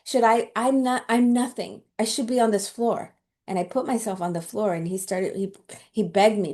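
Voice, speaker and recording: A woman talking with feeling about a moving encounter, her voice mellow and warm at a middle pitch. She sounds tearful and laughs often between lines, in an earnest, heartfelt way. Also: normal speed. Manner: emotional, laughs often, quotes others in her story. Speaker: host. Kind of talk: heartfelt storytelling talk.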